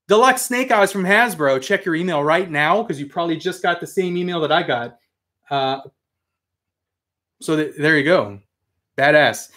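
A man hosting a casual live stream, reading out viewer comments with excitable, mildly profane chatter. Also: high-pitched. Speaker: host of a live toy and comics stream.

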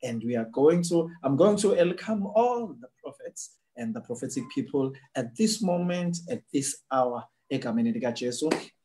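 A man's voice: medium pitch, animated, moderate pace, mellow. A South African man hosting a prophetic church broadcast, exuberant and preacherly, greeting fellow pastors. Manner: exuberant, laughing often, preacherly. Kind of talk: lively church broadcast, mixing English and Zulu.

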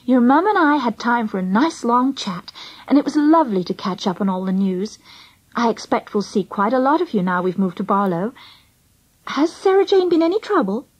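Woman putting on a soppy cooing mum, breathy and singsongy. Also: a little high, sing-song, moderate pace, dry recording, poor audio. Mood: polite. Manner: soppy baby-talk cooing. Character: cooing, soppy aunt, a young mother. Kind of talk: storybook reading.

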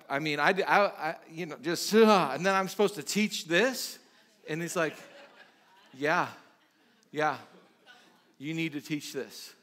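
A man's voice: a little high, pushed and bright. A male pastor preaching a sermon in a conversational way, with lots of restarts and sudden emphatic bursts.

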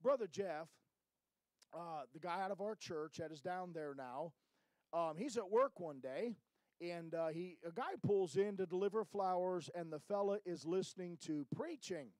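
Middle-aged man, high tenor, folksy missionary report in church, dry close sound. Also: normal speed, darkish tone, no room sound, poor audio. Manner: folksy, keeps tagging lines with "amen?".

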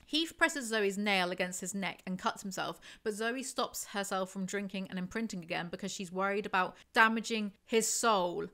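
A woman reviewing a novel, reading passages aloud and then cutting in with sarcastic, over-the-top commentary. Her voice sits at a middling pitch for a woman, and she keeps it casual and conversational. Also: moderate pace, hardly any pauses, fairly bright tone. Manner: sarcastic, exaggerated asides between readings. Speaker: book reviewer.

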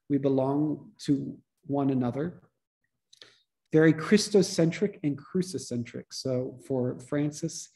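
A man, a priest, giving a relaxed, conversational teaching talk to a church study group, restarting his sentences often. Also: mid-range voice, gravelly. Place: church meeting room.

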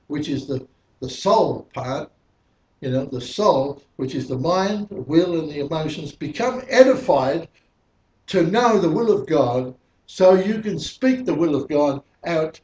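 A man's voice: on the high side, a little mellow. Man preaching in an echoey hall. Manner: teaching Bible verse by verse, asking the congregation questions. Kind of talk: sermon teaching. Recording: echoey hall, mic at a distance.

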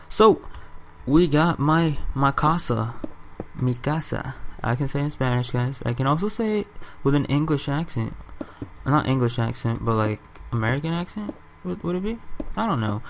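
A young man in casual game commentary, giving a walkthrough of his build and rambling, self-correcting and swearing now and then. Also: medium pitch. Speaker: gaming channel host.

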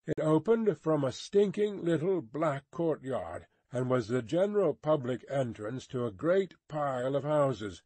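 Male narrator, unhurried and deliberate, dry close recording. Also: medium pitch, darkish tone, no echo. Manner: slow, careful reading. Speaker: audiobook narrator. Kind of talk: scripted narration of a classic novel.

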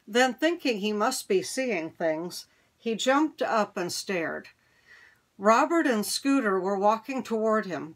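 A woman reading a children's chapter book aloud at a measured, unhurried pace. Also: medium pitch. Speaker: reader.

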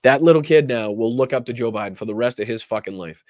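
A man's voice: mid-range voice, quick pace, darkish tone, dry recording, clean studio sound. A man hosting a political livestream, talking casually with a lot of profanity and rambling restarts. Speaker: political talk show host.

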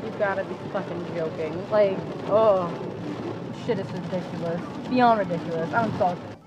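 A young woman chatting in a casual daily vlog, swearing freely and protesting loudly when teased. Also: on the low side, normal speed. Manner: animated, swearing, indignant protests. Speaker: vlogger. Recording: dull lo-fi camera audio, faint hiss.

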